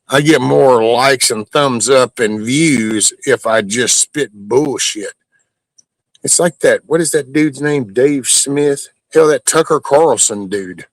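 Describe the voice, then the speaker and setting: A man's voice: medium pitch, dry recording. A man hosting a livestream, ranting bluntly and profanely in a casual way. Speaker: livestream host.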